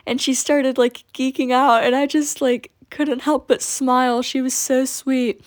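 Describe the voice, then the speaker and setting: A woman's voice: a little high, steady tone, unhurried, hardly any pauses. A teenage girl telling a casual storytime as a vlogger, chatty and full of "like.". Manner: chatty, peppered with "like". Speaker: coaster vlogger.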